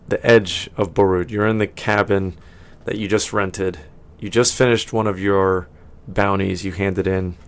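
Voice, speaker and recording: A man's voice: on the low side, clear, resonant tone. A man narrating as game master of a tabletop game, rambling and often correcting himself.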